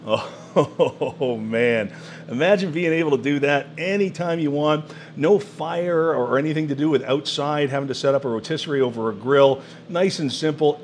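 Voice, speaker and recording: A man's voice: medium pitch, slight background noise. Enthusiastic man demoing a countertop oven. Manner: enthusiastic, exclamatory, laughing often. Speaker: cooking channel host. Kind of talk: product demo cooking vlog.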